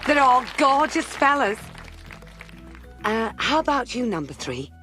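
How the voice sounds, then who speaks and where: A woman's voice: sits high, very animated, sharp tone, soft background music, some chatter behind, exaggerated voice. A woman voicing a showy, gushing female hostess of a TV dating show. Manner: gushing, showy, slow and sing-song. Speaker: game show host.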